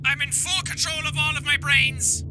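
A man doing loud, goofy commentary while playing a game, excitable and prone to shouting. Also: extremely high pitch, moderate pace. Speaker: gaming commentator. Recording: game audio and music behind.

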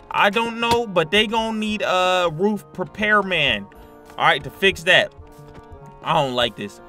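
Young male gaming streamer; wide-ranging, slangy, screams easily; soft music under. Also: fairly high pitch. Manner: jumpy, yelps and screams at scares, slangy. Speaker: gaming YouTuber. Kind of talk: Minecraft horror let's play commentary.

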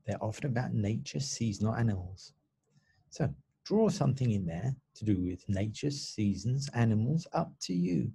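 A man's voice: medium pitch, animated, unhurried, gravelly, warm tone, slightly rough. A man teaching children in a recorded online lesson, explaining patiently step by step.

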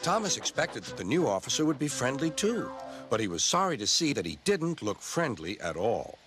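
A man reading a children's storybook aloud in an expressive way. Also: medium pitch, normal speed, music in the background. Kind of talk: storybook narration.

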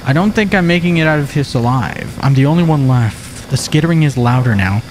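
A young man playing a video game live, chatting and joking with his viewers and reacting loudly to what happens on screen. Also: medium pitch, lively intonation, a little fast, slight background noise. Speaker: streamer. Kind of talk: let's play commentary.

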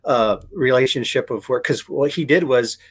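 A male writer talks in a casual interview, his voice mid-range, husky, and moderately paced. He rambles, often restarting and correcting himself, and acts out other people's words in quoted voices.

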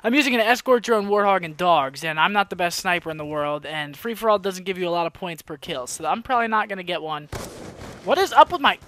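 A young man narrates his own gameplay live into a headset mic, his voice high and very bright. He drifts between quiet mumbling and sudden frustrated outbursts. Gunshots from the game sound behind him. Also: fast, hardly any pauses, slight background noise. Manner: excitable, swings from mumbling to frustrated yelling. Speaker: gaming commentator. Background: gunfire from the game.

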